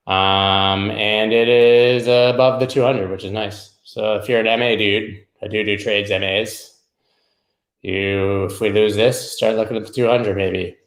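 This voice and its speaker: A man talks through price charts in a loose, rambling way, tossing in irreverent jokes as he goes. His voice is gravelly and sits fairly low, and it rings a little in a roomy space. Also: a bit bright. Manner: rambling, irreverent, jokey asides. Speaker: crypto market show host. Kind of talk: casual live chart analysis.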